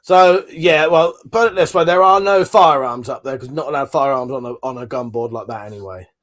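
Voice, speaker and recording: A man's voice: medium pitch, a little fast, a bit bright. A man hosting a livestream, chatting casually and rambling as he reads out comments, swearing now and then. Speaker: livestream host. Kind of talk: casual chat reading out live comments.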